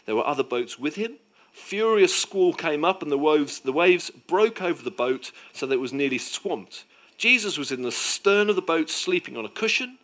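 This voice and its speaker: A man preaching a sermon with emphatic delivery, swinging between loud declarations and hushed moments. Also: a little high, lively intonation, moderate pace.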